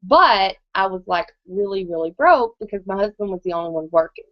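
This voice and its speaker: A woman's voice: medium pitch, animated, fairly quick, no room sound. Chatty woman, dull dry recording. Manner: conversational, keeps checking in with the audience. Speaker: presenter. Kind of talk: live motivational testimony.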